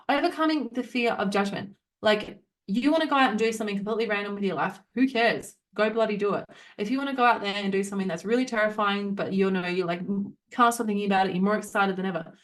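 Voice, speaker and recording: A young adult woman hosting a solo motivational podcast, talking frankly and swearing freely as she acts out the voices in people's heads. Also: medium pitch. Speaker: podcast host.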